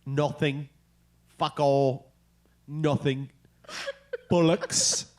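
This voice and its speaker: A man's voice: a little high, steady tone, drawn-out words, darkish tone. A male podcast host, joking, swearing freely and laughing at himself in casual studio banter. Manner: self-mocking, swears freely, laughs often.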